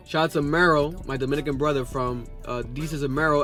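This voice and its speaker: A man hosting a podcast, reading social media posts aloud and reacting in a loud, profane, excitable way. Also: a little high, fast, hardly any pauses, faint music behind. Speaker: podcast host reacting to memes. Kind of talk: casual reaction commentary.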